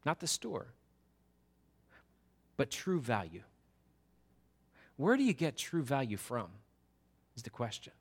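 A man's voice: medium pitch, big pitch swings, a little slow, pauses often, slightly rough. A man preaching a sermon in an earnest, emphatic way, often restarting his words.

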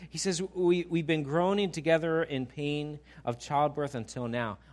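A man preaching a sermon with a somewhat high voice. He asks the congregation questions and builds to emphatic, animated peaks. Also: measured pace. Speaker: pastor.

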